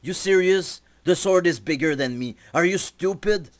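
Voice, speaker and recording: A brash, hot-headed sidekick, as a man narrating puts him on sounds high and loud. He protests in exasperated bursts, every line a complaint. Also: normal speed, close to an everyday voice. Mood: annoyed. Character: brash, short-tempered young man, hero's sidekick.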